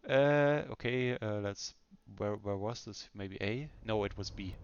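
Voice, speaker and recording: A man's voice: lowish voice, measured pace, clean tone, muffled recording. A man giving casual, self-mocking commentary while playing a video game. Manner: chatty and self-mocking, often laughing to himself. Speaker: gameplay commentator. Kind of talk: casual let's-play commentary.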